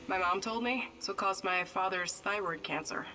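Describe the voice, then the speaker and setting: A grim, vengeful female stalker, as an actress plays her, flat and matter-of-fact. Her voice is bright and sits a little back from the mic, as game audio. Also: medium pitch, moderate pace, distant mic, natural voice, rough recording. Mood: bitter. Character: bitter female stalker, distrustful of authority.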